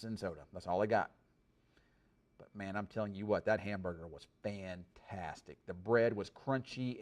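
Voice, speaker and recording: A middle-aged man chatting casually on a live stream in a rambling, folksy way, full of fillers. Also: lowish voice. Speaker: weather streamer.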